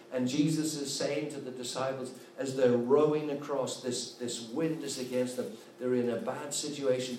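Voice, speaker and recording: Earnest pastor in a roomy space. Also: male voice, mid-range voice, a little mellow. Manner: earnest, repetitive, rising to fervent exhortation. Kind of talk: sermon. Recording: roomy, distant mic, faint background noise.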